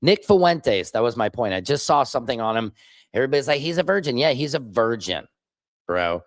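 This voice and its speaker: A man who is a father, casually ramble-chatting on his own livestream, digressing and mocking others with quick impressions. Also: mid-range voice, expressive, dry recording, studio quality. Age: adult, father of children. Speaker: streamer, independent commentator. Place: home studio.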